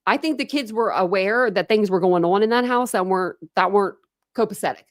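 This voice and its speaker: Hosting her true crime channel's casual live stream, a young adult woman from the United States chats briskly and addresses viewer comments. Her voice is mid-range, and the studio-quality sound has no echo.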